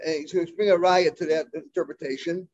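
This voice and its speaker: Guy with a high voice teaching talmud, lots of uhs and restarts, kinda muffled sound. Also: steady tone, a little mellow. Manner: halting, full of fillers and restarts, mixing Hebrew and Aramaic terms. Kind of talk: Talmud class lecture.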